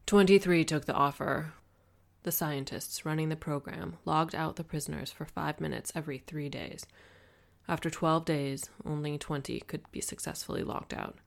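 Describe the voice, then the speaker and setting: Low, gravelly woman narrator. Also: normal speed. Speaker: audiobook narrator. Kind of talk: first-person audiobook narration.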